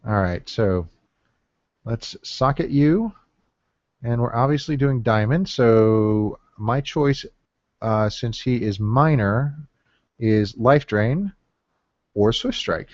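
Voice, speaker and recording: This man speaks slowly at medium pitch, darkish in tone, with long pauses and no room sound. Recorded on a dull lo-fi dry mic, he gives casual commentary on a card-game draft, murmuring counts and using many fillers as a gameplay commentator.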